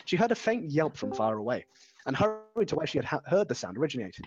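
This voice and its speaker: A man's voice: fairly high pitch, very animated, quick pace, dull audio. A man reading a story aloud in a casual, unpolished way, stumbling over words and restarting them as he goes. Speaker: amateur reader.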